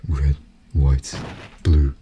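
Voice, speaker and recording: A man's voice: a bass voice, little pitch movement, extremely slow, dark tone, slight background noise. A man casually joking while livestreaming a game playthrough. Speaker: streamer. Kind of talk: live game playthrough commentary. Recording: game music playing behind.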